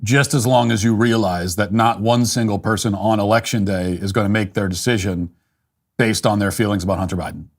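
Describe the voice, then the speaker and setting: A man's voice: lowish voice, fairly even intonation, fairly quick. A male political commentator giving a blunt, opinionated monologue, often restarting his sentences. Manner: blunt, dismissive, frequent restarts and fillers.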